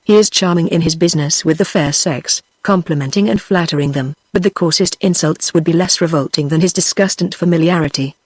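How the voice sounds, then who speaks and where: A text-to-speech woman's voice with a British English accent, reading a novel aloud in an even, machine-paced way. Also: sits low, a little fast, hardly any pauses, breathy edge, no echo. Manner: even, machine-read pacing. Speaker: audiobook reader. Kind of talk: synthetic audiobook narration.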